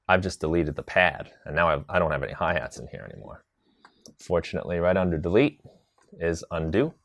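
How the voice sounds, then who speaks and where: A man teaching a live tutorial on drum sequencing, chatty and relaxed, answering viewer questions as he demonstrates. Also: low-pitched, dry recording. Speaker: music production instructor.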